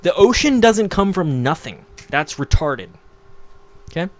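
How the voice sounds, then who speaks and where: A man's voice: high voice, very animated, measured pace. A young man hosting a livestream, ranting casually to his chat in a mocking, profane, rambling way. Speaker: livestream host. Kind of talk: casual rant to live chat.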